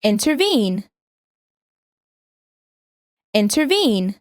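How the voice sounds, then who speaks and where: A woman with a mid-range voice reads vocabulary definitions in a calm, measured way. She says each word twice so learners can repeat it. The recording is dry and close, with no room sound. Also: mid-range voice, no echo. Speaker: vocabulary instructor. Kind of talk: scripted vocabulary lesson.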